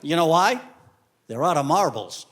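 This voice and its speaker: A male comedian telling animated stand-up stories on stage, acting out the people in them. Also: a little high. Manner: animated storytelling, acts out characters in quick asides. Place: comedy stage before a live audience. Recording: live club recording with audience noise.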